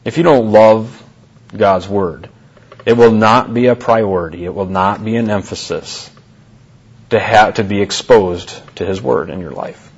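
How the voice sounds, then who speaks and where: Speaking at a measured pace, this pastor has a lowish voice with a breathy edge, and the recording sounds dull. He gives an earnest sermon to his congregation in church, often restarting and repeating phrases and asking questions.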